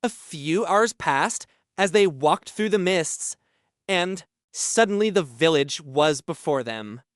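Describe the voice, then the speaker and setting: A male audiobook narrator reading fantasy in a measured, expressive way. His pitch swings widely while he keeps an unhurried pace. The studio sound is very dry and close. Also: no room sound.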